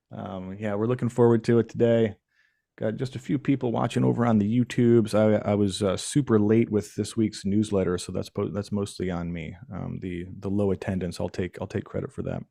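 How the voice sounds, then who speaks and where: A man from Michigan hosting a live stream, chatting casually and jokingly with the audience and pausing often on fillers. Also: fairly low pitch, little pitch movement, creaky, mellow, no echo, studio quality. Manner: playful, jokey, chatty with frequent fillers. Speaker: livestream host.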